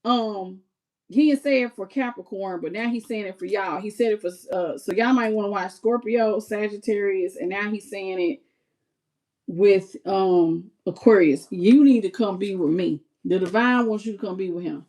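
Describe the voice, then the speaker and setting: A woman reading tarot on a live stream, chatty and expressive, talking straight to her viewers. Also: medium pitch, moderate pace. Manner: chatty and expressive, talks to viewers as "y'all" and "baby". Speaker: tarot reader.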